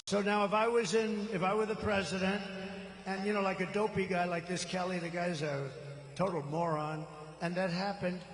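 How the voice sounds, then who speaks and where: At a big rally venue, an older candidate in his seventies gives a rambling, boastful, improvised campaign speech into a stage mic. He speaks high and steady at a moderate pace, and the poor recording carries a long reverb tail and a bit of hiss or hum.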